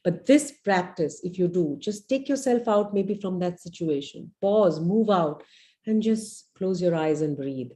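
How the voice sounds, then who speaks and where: A woman's voice: fairly low pitch, expressive, moderate pace, few pauses, mellow. A middle-aged woman teaching a live webinar as a parenting coach. She talks earnestly, guides listeners through a visualization, and often checks in with "you know" and "right?".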